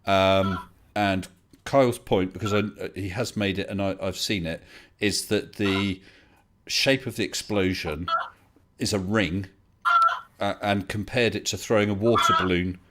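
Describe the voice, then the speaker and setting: A man's voice: sits low, fairly even intonation, a little slow, a bit bright. A man hosting a livestream debate in a polite, casual way, laughing easily and often restarting his sentences. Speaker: livestream host.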